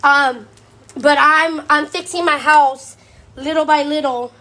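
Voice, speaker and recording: Woman going off on a livestream, real high sharp voice, kinda echoey room, swears a lot. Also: fairly even intonation, takes it slowly. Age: adult. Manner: blunt, profane, ranting. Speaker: TikTok live streamer. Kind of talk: casual livestream chat. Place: home.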